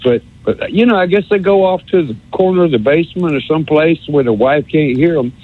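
A man's voice: on the high side, a little fast, husky, no room sound. A man calling into a radio show, rambling and sarcastic, stammering over repeated words on a phone line. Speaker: radio call-in caller. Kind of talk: rambling call-in rant. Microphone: telephone.

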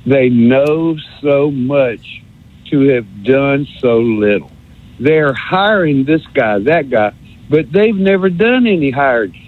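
Over a telephone line, a man calls into a radio show and launches into a rambling, sarcastic rant, stammering over repeated words. His voice is fairly high-pitched and slightly rough.

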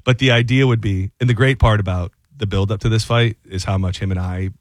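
A man hosting a sports talk radio show, chatting casually with halting restarts. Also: lowish voice, fairly even intonation, no room sound.

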